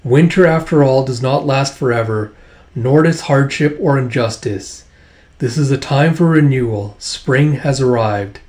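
An older scholar, voiced by a man reading a comic aloud recites in a measured, gentle tone, as though reading to children. The pace slows on the closing lines. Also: medium pitch, close to an everyday voice. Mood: solemn.

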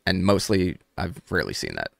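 A young adult man hosts a live trading stream with a somewhat low voice. He chats casually and addresses his viewers directly. The sound is close and dry. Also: wildly swooping pitch, fairly quick, vocal fry, no room sound. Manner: casual, chatty, talks straight to viewers in the chat. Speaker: host.

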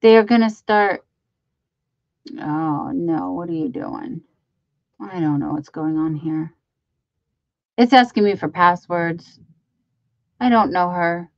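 A woman with a lowish voice hosts a casual craft livestream, speaking slowly with long pauses. She rambles to viewers with lots of ums and restarts, now and then cooing baby talk to her dogs. The recording is muffled and has no room sound.

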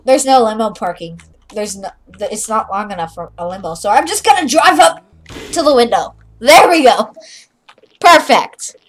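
A woman's voice: a little high, animated, moderate pace. A young woman casually chatting while she plays a game, playful and silly, narrating her own moves. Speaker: channel host playing a game. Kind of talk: casual gameplay chat.

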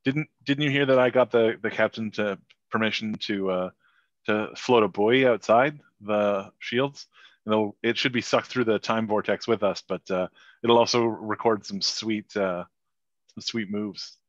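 A man's voice: fairly low pitch, steady tone, a little slow, dry recording. A man joking in a laid-back way as a player in a tabletop game. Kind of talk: in-character tabletop play. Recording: dull lo-fi mic.

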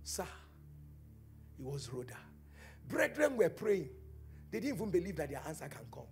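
A man preaching a charismatic sermon, swinging between quiet teaching and shouted, chanted prayer declarations. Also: high voice, very animated, normal speed, faint music behind. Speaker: pastor.

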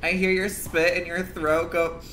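A man's voice: high voice, flat delivery, unhurried, noisy background. A young adult man chatting casually on a livestream, profane and complaining, congested and coughing now and then.

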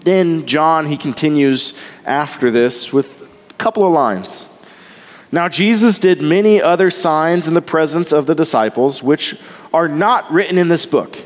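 Male pastor, high voice, slow deliberate delivery, animated sermon swinging between loud and hushed. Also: in a large hall. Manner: animated, rising and falling between loud emphasis and quiet softness.

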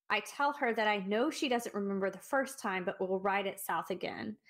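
A woman's voice: medium pitch, quick pace, hardly any pauses, fairly bright tone. A woman co-hosting a podcast, discussing a short story in a reflective way and thinking aloud with restarts. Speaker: podcast co-host. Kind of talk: casual book discussion.

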